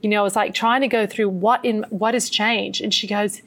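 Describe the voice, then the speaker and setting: A middle-aged woman with an Australian accent, a meditation teacher telling her story as an interview guest in an earnest, animated way. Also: mid-range voice, normal speed.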